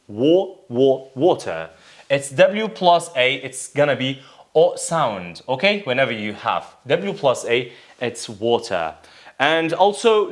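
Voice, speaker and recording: A male English teacher with Kurdish as his first language walks through a grammar and pronunciation lesson at an unhurried pace. His pitch rises and falls a lot as he repeats words and asks the class questions.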